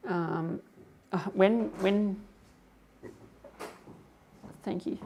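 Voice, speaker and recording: Speaking very slowly in a dark-toned, mid-range voice, a young woman hosts a live stream with slight background noise. Her talk is rambling and filler-heavy as she reads out viewer comments casually.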